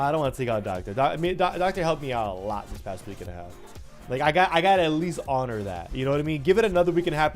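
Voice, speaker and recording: A young man livestreaming, chatting casually and teasing his chat with playful mock rants. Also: on the high side.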